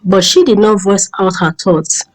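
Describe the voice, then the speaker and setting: A woman narrating a folk tale in a steady, measured storytelling voice. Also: medium pitch, low-quality recording.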